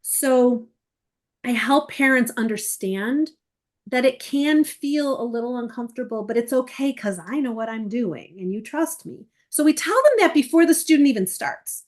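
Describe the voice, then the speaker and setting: Woman, middle-aged, slightly high voice, animated, quoting emails and parents in character. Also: normal speed. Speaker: college essay coach. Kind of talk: interview guest explaining.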